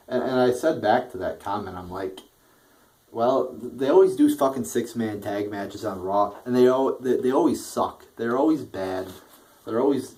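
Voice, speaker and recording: A man's voice: fairly low pitch, darkish tone, slight background noise. A young man giving a casual, profane rant reviewing a wrestling show, often restarting his sentences and getting worked up. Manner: profane, frustrated ranting with frequent restarts.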